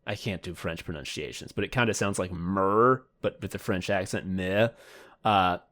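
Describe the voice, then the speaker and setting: Low-voiced man doing mock announcer banter. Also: moderate pace, fairly bright tone. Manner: mock sports announcer, rambling and joking. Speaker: podcast co-host. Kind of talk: comedic podcast banter.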